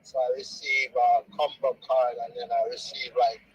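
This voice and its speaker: A man's voice: medium pitch, little pitch movement, moderate pace, breathy edge, no room sound, lo-fi sound. A man with a Jamaican accent calling in to ask a question, polite and plain-spoken. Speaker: caller. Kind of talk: casual call-in question.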